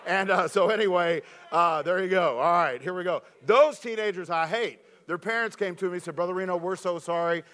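High-pitched preacher guy, animated jokey sermon, voice kinda weak. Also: brisk, few pauses. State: slightly weak voice. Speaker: pastor. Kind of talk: storytelling sermon with scripture reading.

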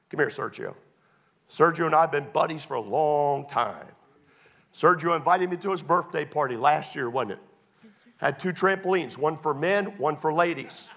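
High-voiced preacher, man, animated. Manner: animated preaching, rising to emphatic shouts; folksy storytelling with humor. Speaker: pastor. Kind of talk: sermon.

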